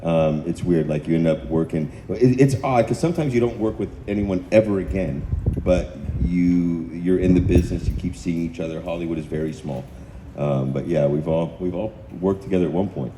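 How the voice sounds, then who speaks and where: A man on a convention panel reminiscing in a relaxed, reflective way, full of fillers. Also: deep voice, normal speed. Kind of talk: casual panel chat. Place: convention hall panel stage. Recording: echoey convention hall, faint noise.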